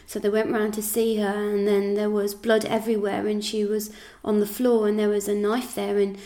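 A woman reading out a statement in a flat, steady recounting manner. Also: mid-range voice, moderate pace, hardly any pauses.

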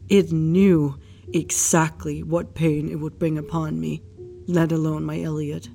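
A woman narrating in the first person for an audio drama, in a hushed, grief-stricken retelling. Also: low-pitched, little pitch movement, unhurried, vocal fry, faint music behind. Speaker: narrator recounting a case file.

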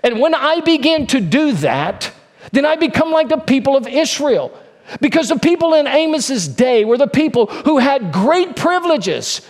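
A male pastor preaching a sermon in an earnest way, repeating key phrases for emphasis and dropping to a hushed, low tone on solemn points. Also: very animated, moderate pace.

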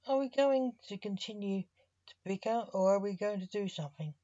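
A woman's voice: medium pitch, moderate pace, dark tone, muffled recording, natural voice. A woman voicing a blunt, impatient young necromancer.

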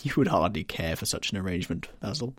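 A man reading the part of a witty, languid aristocratic gentleman with an airy, amused manner. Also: deep voice, expressive, fast, slightly rough, dry recording, studio quality, full character voice.

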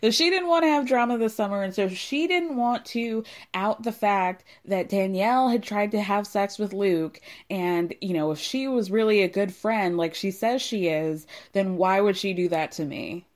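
Young woman host, lively sarcastic recap talk with lots of swearing and quoted lines. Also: medium pitch, moderate pace, hardly any pauses. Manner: animated, sarcastic, swears freely, acts out quotes. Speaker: podcast host recapping a reality show. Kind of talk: casual recap commentary.

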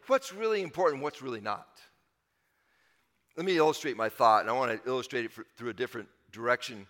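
A male pastor preaching a sermon in a big hall whose sound rings on after every phrase. His voice is bright and sits a little high for a man. He drives his points home by repeating them. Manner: emphatic, repeats key phrases.

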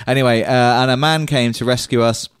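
A man co-hosting a podcast, telling an anecdote in a casual, animated way. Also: medium pitch, fast talker, smooth, no echo, clean studio sound. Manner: animated storyteller. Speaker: podcast co-host.

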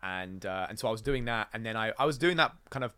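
A man's voice: lowish voice, lively intonation, fast, bright, forceful tone, clear, resonant tone, dry recording. A man co-hosting a podcast in casual chat, rambling through stories and acting out the quoted lines. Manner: rambling storyteller, acts out quoted dialogue. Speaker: podcast co-host.

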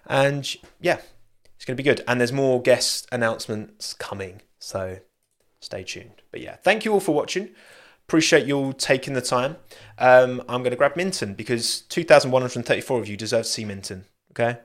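A man's voice: medium pitch, normal speed. Chatty man signing off a stream. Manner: chatty, rambling, soft cooing to his dog. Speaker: livestream host. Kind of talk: casual live chat sign-off.

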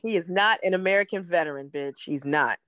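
A woman in a casual TV recap chat, blunt and swearing, giving her opinions quickly. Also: fairly low pitch, fairly bright tone, no room sound. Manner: blunt, fast-talking, swearing.

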